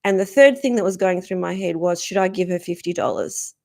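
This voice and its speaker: A woman, a spiritual speaker, earnestly recounting a personal story in a gentle, reflective way. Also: fairly low pitch, fairly quick, gravelly. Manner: earnest, gentle, acts out quoted dialogue.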